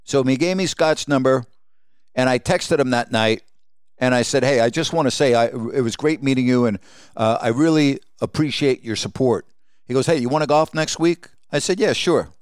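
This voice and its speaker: A man with a smooth, resonant voice at an ordinary middle pitch tells a story from his own life as a podcast host. He talks in a conversational way and slips in the dialogue of the people he met. The sound is close and dry, with no room around it. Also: moderate pace, dry recording. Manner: conversational, retells dialogue with quoted exchanges. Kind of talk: personal storytelling monologue.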